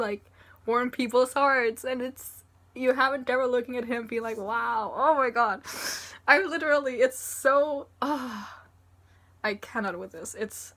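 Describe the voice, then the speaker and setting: A woman's voice: fairly high pitch, fairly bright tone. A woman reviewing a manga chapter in a casual, rambling way, tearful and choked up as she gushes about it. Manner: rambling and gushing, full of fillers and swearing.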